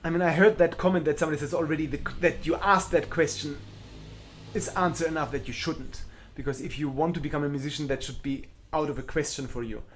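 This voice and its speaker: Blunt, self-deprecating man, slightly high voice. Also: steady tone, quick pace, slight background noise. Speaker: cellist answering viewer questions. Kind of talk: live online Q&A.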